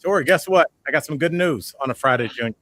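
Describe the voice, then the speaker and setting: A man's voice: on the high side, lively intonation, fast, noisy background. A man co-hosting a comedic news podcast, rambling and joking, often mimicking tough-talking guys. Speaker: podcast co-host. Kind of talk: casual comedic news chat.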